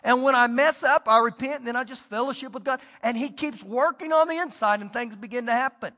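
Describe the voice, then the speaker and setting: High, bright-voiced man preaching a sermon. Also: fairly quick, big-room sound. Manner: storytelling, swings between loud and hushed. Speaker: pastor.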